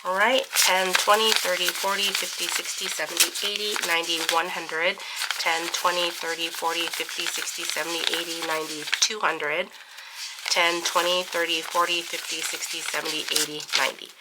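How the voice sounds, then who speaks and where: A woman's voice: lowish voice, level tone, moderate pace, heavy background noise. A woman hosting a budgeting channel, talking casually with lots of fillers while counting cash aloud, recovering from bronchitis. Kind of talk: casual chat.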